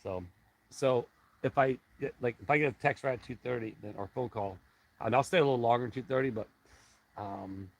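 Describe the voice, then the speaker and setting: A middle-aged man hosting a casual live stream, rambling and halting as he reads viewer comments aloud and chats back. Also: medium pitch, creaky, low-quality recording.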